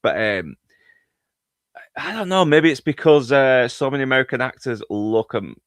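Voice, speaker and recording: A man from England with a Northern English accent chats as a panel guest. He rambles through lots of fillers and swears casually. His voice has a middling pitch and a dry, close sound. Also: lively intonation, moderate pace, no room sound.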